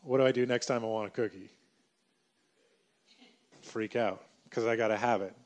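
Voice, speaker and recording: A man preaching a sermon in an animated way, acting out everyday scenes as he talks. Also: on the low side, moderate pace.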